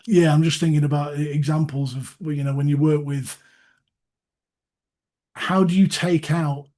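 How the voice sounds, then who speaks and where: A man on a video call webinar, his voice sitting a little high for a man. He talks in a halting way, doubling up words as he thinks aloud. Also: darkish tone. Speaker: guest panelist. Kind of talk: webinar discussion.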